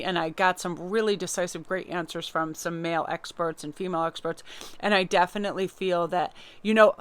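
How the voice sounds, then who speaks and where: A woman's voice: on the low side, clear, resonant tone. A woman tarot reader giving a casual, chatty inspirational talk, telling stories with lots of fillers. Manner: chatty, warm storytelling with many fillers.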